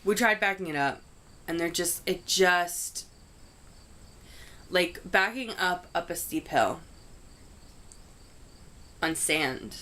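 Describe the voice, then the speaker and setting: Chatty young woman, low-pitched voice. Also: lively intonation, slow, long pauses, sharp tone. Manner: chatty, heavy use of "like", frank swearing. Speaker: vlogger. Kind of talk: casual storytelling.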